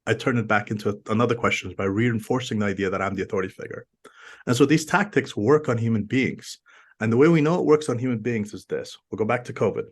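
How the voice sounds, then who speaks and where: A man's voice: fairly low pitch, quick pace, slightly rough. A man from Afghanistan, a podcast guest in casual conversation, telling emphatic stories and often repeating words as he builds a point.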